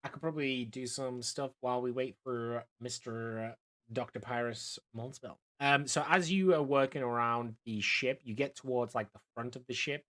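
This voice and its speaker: A man's voice: mid-range voice, fairly even intonation, normal speed, pushed and bright. A man narrating a tabletop game as dungeon master, hesitant and full of fillers.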